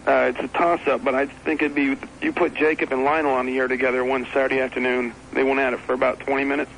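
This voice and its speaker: A man's voice: medium pitch, flat delivery, fast, gravelly, fairly bright tone, slight background noise, rough recording. Matter-of-fact male radio caller. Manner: matter-of-fact, listing picks. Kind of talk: phone-in chat.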